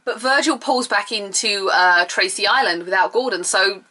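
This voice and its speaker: A young woman talks through a TV episode in a chatty, animated way. Her voice is bright and clear at a middle pitch. She tosses in sarcastic asides and bursts of mock outrage. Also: normal speed. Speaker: TV episode reviewer. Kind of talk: casual video review.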